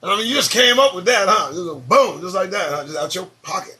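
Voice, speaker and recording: A man's voice: sits high, quick pace, sharp tone. A man hosting his daily morning talk show, rambling and swearing casually as he drifts between topics. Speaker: show host.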